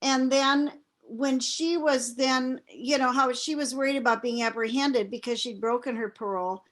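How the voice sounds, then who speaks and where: A woman's voice: sits high, fairly even intonation, moderate pace, a bit bright. A woman in a book club on a video call, carefully explaining plot points. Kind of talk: casual video call discussion.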